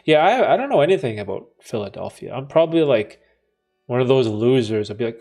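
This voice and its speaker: A man's voice: mid-range voice, very animated, fairly quick, a little mellow. Young man, livestream host, casual slangy chat, faint background music. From Canada. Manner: laid-back, slangy, laughs often, reads chat aloud.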